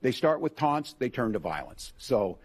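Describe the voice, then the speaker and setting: A man's voice: medium pitch, big pitch swings, normal speed, a little mellow, breathy edge. A man speaking earnestly in a news clip, voicing concern and repeating his point. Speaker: politician in a played clip.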